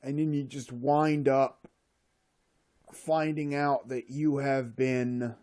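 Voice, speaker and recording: Slow sarcastic rant, mellow voice, exasperated. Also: mid-range voice, level tone. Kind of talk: solo rant.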